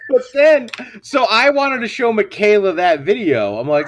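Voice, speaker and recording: A man co-hosting a crude comedy podcast, telling stories with animated delivery and dropping low for quoted voices. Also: moderate pace, a little hiss or hum. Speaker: podcast co-host.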